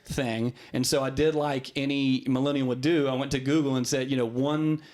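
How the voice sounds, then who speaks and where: A man's voice: mid-range voice, moderate pace. Man, podcast guest, casual storytelling, lots of restarts, acts out quoted voices. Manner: animated storyteller with many restarts. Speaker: guest, real estate broker.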